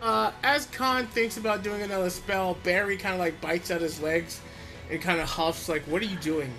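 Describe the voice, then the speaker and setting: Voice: mid-range voice, steady tone, moderate pace, bright, forceful tone, soft background music. A player in a tabletop game describing moves, giggly and playful. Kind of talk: casual tabletop play.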